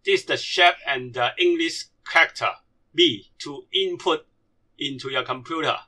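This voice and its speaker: A native Cantonese speaker teaches a slide-based lesson in non-native English, slowly drilling syllables one at a time. His voice is a little high, pushed and bright.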